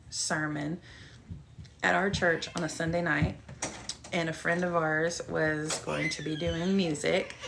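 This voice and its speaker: Lady doing bible study from home, low gravelly voice, chatty and rambly with lots of ums. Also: fairly bright tone, slight background noise. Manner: chatty and rambling, with many fillers. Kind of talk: casual Bible study and personal testimony. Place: at home, with a cat nearby.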